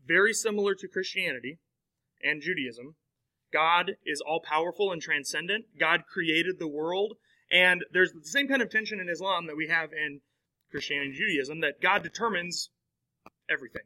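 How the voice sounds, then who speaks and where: A man's voice: fairly high pitch, bright, forceful tone, rough recording. A man teaching a classroom lecture in a conversational way, full of fillers and questions to his students.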